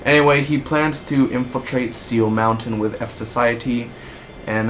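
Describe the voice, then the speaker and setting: A man with a middle-pitched voice hosts a casual TV review at normal speed, rambling loosely as excitement spills into each point. He acts out characters in bursts, and a faint hiss runs beneath the recording.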